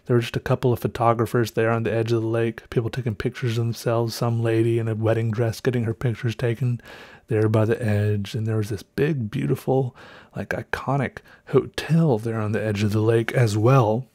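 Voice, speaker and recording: Speaking briskly in a mellow mid-range voice with little pitch variation, a man hosting a podcast tells a meandering, casual story. He keeps correcting himself, trails off with fillers, and sounds a bit winded.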